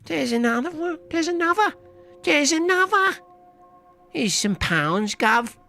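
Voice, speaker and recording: A man's voice: very high-pitched, sing-song, a little slow, creaky, bright, forceful tone, soft background music, pitched above the performer's own voice, exaggerated voice. A man putting on a mock British accent, voicing a wheedling male street beggar who pleads over and over and keeps coughing. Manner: wheedling, repetitive begging. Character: high-pitched cockney-style male street beggar, pleading.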